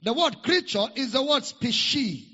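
A man's voice: very high voice, lively intonation, unhurried, pushed and bright, husky. A man with a Nigerian accent preaching a sermon, leading the congregation in call-and-response repetition. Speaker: pastor. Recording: echoey hall, dull lo-fi sound.

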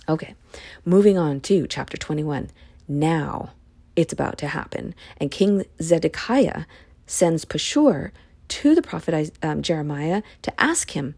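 A woman reading scripture aloud and explaining it in a casual, expressive way, sometimes dropping into a hushed whisper. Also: low-pitched, normal speed, creaky, slightly rough. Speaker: Bible study podcaster. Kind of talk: casual Bible reading with commentary.

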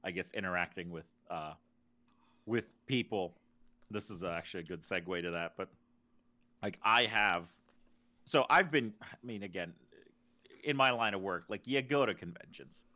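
A man's voice: low-pitched, normal speed, pauses often, bright, forceful tone. A man co-hosting a podcast, chatting casually and stumbling over repeated words as he starts sentences. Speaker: podcast co-host. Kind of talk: casual chat.

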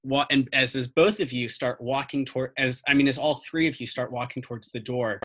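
Bright-voiced casual game master. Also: medium pitch, fairly quick. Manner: casual, profane, restarts often. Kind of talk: narrating a tabletop game.

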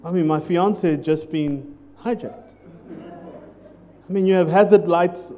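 A man's voice: on the high side, unhurried, warm tone, slight background noise. A man preaching a sermon as pastor, in a conversational, jokey way, often putting questions to the congregation.

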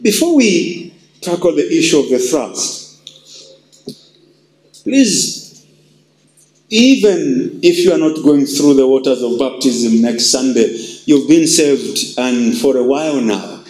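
A man preaching a sermon as pastor, emphatic and repetitive, with wide swings in pitch for emphasis. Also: expressive, slow, pauses often, darkish tone. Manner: emphatic, repeats phrases, shifts pitch widely for emphasis. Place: church. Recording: echoey church hall.

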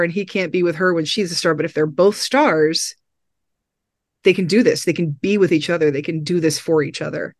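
Rambling, excited podcast film reviewer. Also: medium pitch, dry recording, clean studio sound. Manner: rambling and enthusiastic, with many restarts. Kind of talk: casual film discussion.

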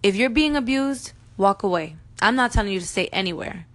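A woman's voice: medium pitch, expressive, brisk, a bit bright. Heartfelt woman sharing her birth story. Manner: emotional, heartfelt, earnest; addresses viewers directly. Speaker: mom vlogger. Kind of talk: personal storytelling to camera.

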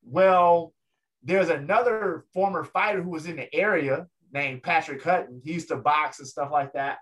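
Man, lively storyteller, chatty guest energy, slightly high voice. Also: moderate pace. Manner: animated storyteller, acts out other people's voices. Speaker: guest, ring announcer. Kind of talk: storytelling in a casual interview.

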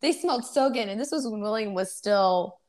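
Young woman, podcast co-host, animated storyteller, acts out quotes, mid-range voice. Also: mid-range voice, fairly quick, a little hiss or hum. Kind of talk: casual chat.

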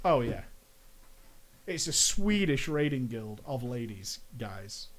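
A man's voice: medium pitch, big pitch swings, background noise. A young American man with an American accent telling a gaming story in a casual, joking monologue with mock-dramatic asides. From United States. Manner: playful, jokey asides, drawn-out mock-dramatic phrases. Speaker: gaming vlogger.

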